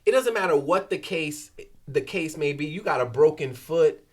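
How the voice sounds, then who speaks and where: A man with a Haitian family background, chatting casually as a guest and telling stories with lively acted-out dialogue. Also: moderate pace, slightly rough. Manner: animated storyteller, acts out exchanges with lively shifts in pitch. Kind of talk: casual chat.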